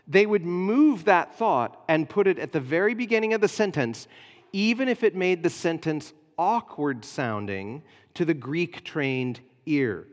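A pastor preaching a sermon, explaining a passage in an earnest teaching manner with frequent hesitations. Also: male voice, fairly high pitch, expressive, unhurried, long reverb tail.

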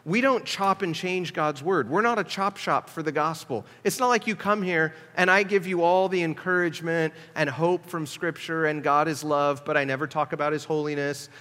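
A man's voice: on the high side, fairly bright tone. Man preaching in an echoing hall. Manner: emphatic, conversational preaching with rhetorical questions. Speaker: pastor. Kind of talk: sermon. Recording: long hall reverb.

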